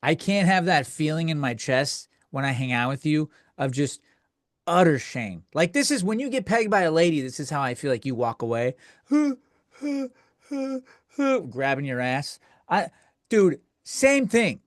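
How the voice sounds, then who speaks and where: Man host for a comic rant, slightly high voice, crude and rambling, dry booth sound. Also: big pitch swings, unhurried, no room sound. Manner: crude, profane, rambling with many restarts. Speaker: podcast host. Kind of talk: comedic rant.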